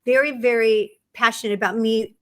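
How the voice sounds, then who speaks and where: A middle-aged woman, a guest in an interview, telling stories about her career in an animated way and acting out the people she quotes. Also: a little high, brisk, dry recording. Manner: animated storyteller, acts out quoted people, laughs often. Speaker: film writer and producer guest. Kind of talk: conversational interview storytelling.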